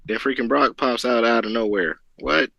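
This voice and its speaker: A man's voice: medium pitch, moderate pace, gravelly, pushed and bright, dry recording, highs cut off. A man co-hosting a wrestling chat, ranting and repeating himself as he talks. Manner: repetitive, stammering, ranting. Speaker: wrestling podcast co-host. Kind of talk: casual chat.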